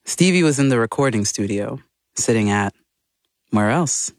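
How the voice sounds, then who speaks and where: A man giving scripted documentary narration with measured, dramatic pacing. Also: mid-range voice, animated, no room sound, clean studio sound.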